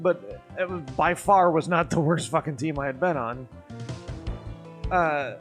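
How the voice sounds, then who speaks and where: A man streaming and telling a rambling, profane story over a few drinks, getting worked up as he goes. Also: on the high side. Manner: rambling, profane, animated when riled. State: drinking, tipsy. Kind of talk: casual storytelling chat.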